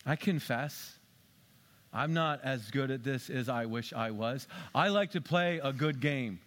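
A man's voice: mid-range voice, a little slow, a bit bright. A male pastor delivering a sermon in a conversational way, asking the congregation rhetorical questions and slipping in dry, sarcastic asides.

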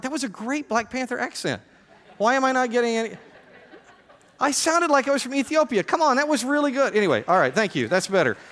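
A male pastor giving a sermon, lively and joking as he addresses the congregation directly. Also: fairly high pitch, long reverb tail.

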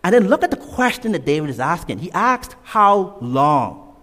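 A man preaches with emphatic energy, repeating his key points and slipping into casual asides. His voice sits a little high and rises and falls a lot. It rings out with the long reverb of a large hall. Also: big pitch swings, fast, a bit bright. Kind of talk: sermon.

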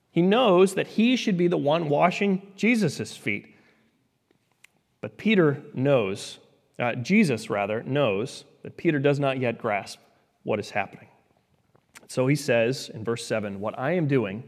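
Earnest male preacher in a reverberant hall. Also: fairly high pitch. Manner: earnest, rising and falling emphasis. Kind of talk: sermon. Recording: long reverb of a large hall.

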